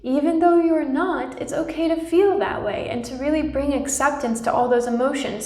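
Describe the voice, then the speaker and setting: A young woman with a fairly high voice hosts a spiritual channel, speaking softly about her own feelings and pausing often to check in with viewers, frequently adding "right?". Her gentle, reassuring talk carries a noticeable room echo.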